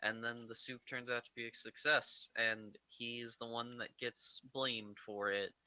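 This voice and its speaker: A man's voice: mid-range voice, little pitch movement, unhurried, sharp tone, dry recording. A young man casually recapping a movie plot, rambling with fillers, swearing and acting out lines.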